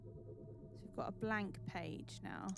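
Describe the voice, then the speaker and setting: A woman's voice: lowish voice, huge pitch swings, slow, creaky. A woman streaming a video game, chatty and exclaiming, who mocks herself as she plays. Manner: chatty, exclaiming, self-mocking. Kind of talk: gaming stream commentary. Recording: game music behind.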